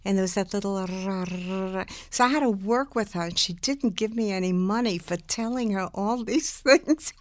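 An older woman, an impressionist and singer, telling animated stories in an interview, laughing often and slipping into impressions. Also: medium pitch, normal speed, dry recording. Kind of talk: lively storytelling in a talk interview.

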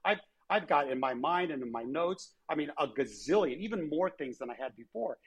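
A man's voice: a little high, lively intonation, fairly quick, breathy edge. A man, a former airline chief executive, telling anecdotes in an interview and acting out the dialogue he quotes. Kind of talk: conversational storytelling interview.

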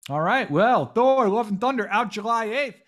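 A man hosting a casual panel chat about films, talking quickly and excitedly with many fillers and restarts. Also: sits high. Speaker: podcast host, editor-in-chief.

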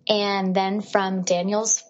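A woman guest on a podcast, telling a personal story in a lively way and acting out what other people said. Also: mid-range voice, takes it slowly, lo-fi sound. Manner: animated, acts out what others said.

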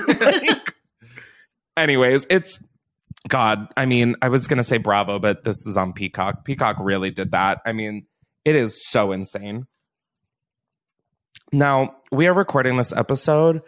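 A young man hosting a podcast, chatting casually in a rambling way and laughing often. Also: mid-range voice. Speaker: podcast host. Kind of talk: casual chat.

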